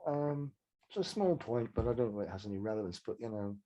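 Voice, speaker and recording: A man's voice: on the low side, expressive, fast talker, mellow, highs cut off. An older man, a songwriter telling rambling, self-deprecating stories as an interview guest. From England. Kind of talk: casual interview chat.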